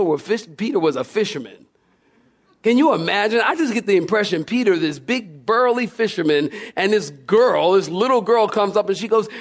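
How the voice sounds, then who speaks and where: A male pastor preaching a sermon in a lively, playful way, acting out scenes. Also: high-pitched, moderate pace.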